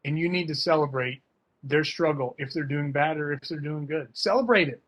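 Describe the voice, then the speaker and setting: A man's voice: fairly high pitch, fairly quick, fairly bright tone. A man talking casually and emphatically as a fencing coach in an online workshop, full of slang. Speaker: fencing coach and guest speaker.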